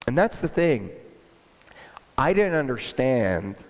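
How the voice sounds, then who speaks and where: A male entrepreneur telling a story in an interview, animated and acting out the dialogue, with long hall reverb. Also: medium pitch, slow pace. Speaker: entrepreneur guest.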